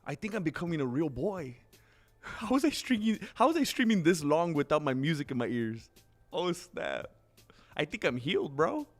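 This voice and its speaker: A man's voice: a little high, very animated, normal speed, faint music behind. A man hosting a casual live stream, chatting loosely to his viewers, calling them "bro" and laughing often. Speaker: livestream host.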